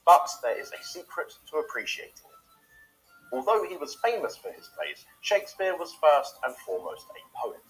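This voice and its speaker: Lively-voiced male lesson narrator. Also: mid-range voice, low-quality recording. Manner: measured, explanatory delivery. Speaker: narrator of an educational video. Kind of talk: scripted narration.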